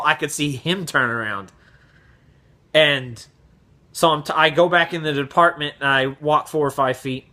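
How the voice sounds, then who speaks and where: A man vlogger telling a casual story in an animated, profane way, acting out the voices. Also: fairly high pitch.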